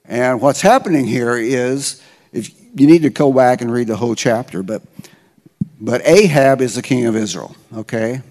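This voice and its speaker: A man's voice: medium pitch, moderate pace, darkish tone. A middle-aged man preaching as a pastor, retelling a story in casual, slangy words and often checking in with "okay?". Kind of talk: conversational sermon storytelling. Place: church sanctuary. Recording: long church-hall reverb.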